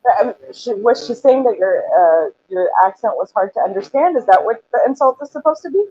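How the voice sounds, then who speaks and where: Lively-voiced woman caller on a muffled line. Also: on the high side, a little fast. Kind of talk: casual chat on a call. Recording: muffled call audio.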